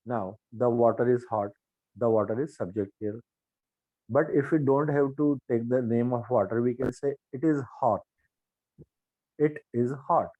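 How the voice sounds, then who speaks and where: A man's voice: mid-range voice, warm tone, dry recording, muffled recording. An older man with an Indian English accent, teaching a spoken grammar lesson and repeating drill sentences aloud.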